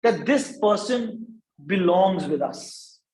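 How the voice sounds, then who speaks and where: A man's voice: high-pitched, expressive, takes it slowly, darkish tone, roomy sound, rough recording. Man lecturing, asks "right?" after each point. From India. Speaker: workshop speaker. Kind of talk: lecture to students.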